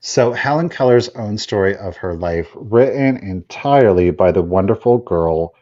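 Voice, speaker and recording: A man's voice: fairly low pitch, animated, moderate pace, warm tone, muffled recording. A man hosting a live vintage sale, chatting enthusiastically as he shows items and runs the bidding. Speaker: live auction seller.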